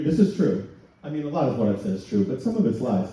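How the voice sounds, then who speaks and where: A man doing a stand-up set, telling crude stories in a deadpan way and putting on voices for the people he quotes. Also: medium pitch, fast. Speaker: stand-up comedian. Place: comedy night in a function hall. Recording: echoey hall, distant, dull and lo-fi. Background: audience laughter.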